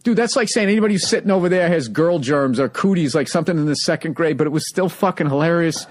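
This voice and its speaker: A man hosting a podcast, telling profane, animated stand-up stories in casual chat. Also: a little high, fast. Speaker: podcast host, stand-up comedian.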